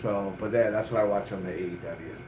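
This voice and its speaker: A man's voice: on the low side, quick pace, a little mellow, reverberant, a little hiss or hum. A middle-aged man, a wrestling coach hosting a chat show, talking bluntly and profanely with lots of energy. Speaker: wrestling coach and podcast host. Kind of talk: casual chat.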